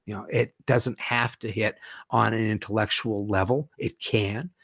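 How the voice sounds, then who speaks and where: A man chatting enthusiastically as a guest, animated, with casual swearing. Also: lowish voice, unhurried, creaky, no room sound, studio quality. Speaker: guest, horror author and podcast host. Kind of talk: casual conversation.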